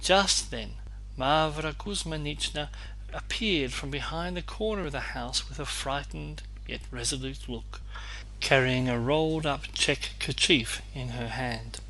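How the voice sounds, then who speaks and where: Guy narrating an old classic audiobook, bright clear voice, steady measured reading. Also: on the high side, a little hiss or hum, poor audio. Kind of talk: scripted narration of a classic novel.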